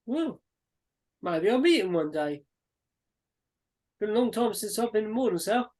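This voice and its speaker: A woman speaking in character during a tabletop game, relaxed and playful, describing food in lively detail. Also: mid-range voice, a little slow. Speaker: player.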